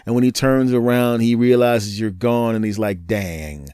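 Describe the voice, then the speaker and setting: A man hosting a podcast, telling a comic story in an animated, sarcastic way, swinging between loud and hushed. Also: mid-range voice, moderate pace, smooth, no echo, clean studio sound. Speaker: podcast host. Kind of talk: comedic storytelling monologue.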